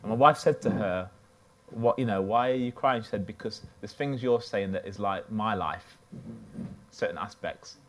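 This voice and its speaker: A man's voice: lowish voice, normal speed. A man preaching a sermon from the United Kingdom, telling a personal story in a loose, conversational way.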